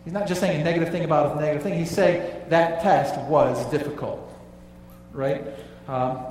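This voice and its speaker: Male pastor, slightly high voice, emphatic sermon delivery with low hushed drops; long-reverb church hall, mic at a distance. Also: fairly even intonation, normal speed, a little hiss or hum. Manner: emphatic, drops low and quiet on key phrases.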